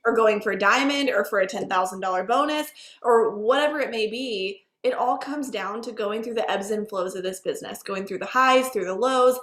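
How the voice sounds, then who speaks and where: A woman's voice: mid-range voice, moderate pace, few pauses, a bit bright. A woman hosting an online team call, chatting in an upbeat way and introducing a guest. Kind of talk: casual hosting chat. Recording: echoey room.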